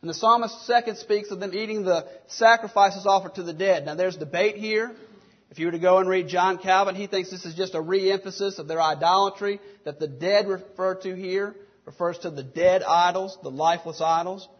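Husky high-voiced man preaching. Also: normal speed, highs cut off. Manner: earnest preaching with rhetorical questions. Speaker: pastor. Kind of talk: sermon.

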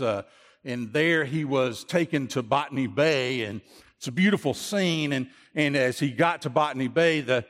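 Earnest preacher in an echoing hall. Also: male voice, mid-range voice. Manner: earnest, repetitive, with many restarts. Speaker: pastor. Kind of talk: sermon. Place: church.

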